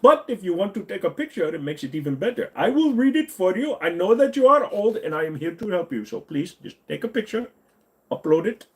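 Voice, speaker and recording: A man doing a wheedling phone scammer, pitched well above a normal speaking voice and pushed forward with extra volume. He sounds overly polite and singsong, all fake friendliness as he coaxes. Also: very animated, brisk.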